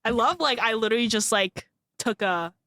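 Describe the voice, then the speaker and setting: A woman's voice: a little high, lively intonation, brisk, very noisy. A young woman co-hosting a college radio podcast, casual and playful, often giggling and repeating her co-host's words. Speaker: podcast co-host. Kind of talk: casual chat.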